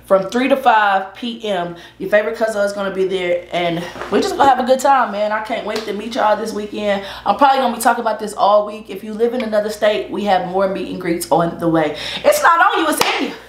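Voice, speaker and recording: A woman's voice: medium pitch, fast talker, hardly any pauses, reverberant, a little hiss or hum. A woman hosting an eating show, chatting casually and loosely as she eats, often repeating herself. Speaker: mukbang vlogger, host. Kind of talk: casual chat while eating. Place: indoors at her eating setup.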